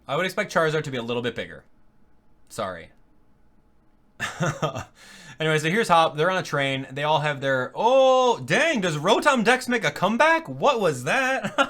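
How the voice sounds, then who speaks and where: A man hosting a casual video game reaction, joking and laughing often, with quick rambling asides and quieter mumbling while he browses. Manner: drops to low mumbling while clicking around. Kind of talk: casual live reaction commentary.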